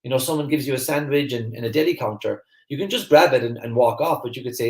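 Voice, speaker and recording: Brief: Irish man with a Kerry accent, fast and chatty livestream host, mid-pitched voice in a roomy space. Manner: fast, energetic, chatty, many fillers and restarts. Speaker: host of a live online masterclass. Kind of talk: live-stream talk to viewers, reading the chat.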